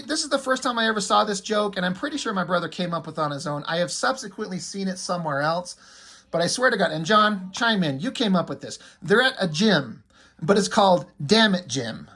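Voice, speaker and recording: A man's voice: sits high, big pitch swings, a little fast, sharp tone, breathy edge. A man casually recapping a comic book, joking and swearing freely. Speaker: comic reviewer.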